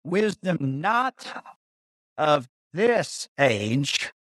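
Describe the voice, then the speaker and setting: Slow, deliberate male Bible teacher. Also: fairly high pitch, very animated, a bit bright, no echo, studio quality. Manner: deliberate, pausing, repeats key phrases.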